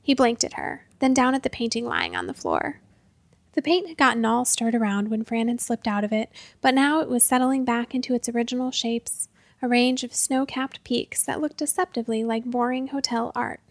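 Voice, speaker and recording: A woman narrating a storybook in a lively, expressive way. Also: on the high side, moderate pace, dry recording.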